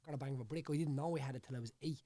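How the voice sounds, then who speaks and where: Fast-talking Dublin man, rambling. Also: mid-range voice, mellow, no room sound, clean studio sound. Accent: Dublin Irish. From Ireland. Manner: rambling, repeats words, keeps saying "you know what I mean". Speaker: podcast guest, former fighter. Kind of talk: casual chat. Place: studio.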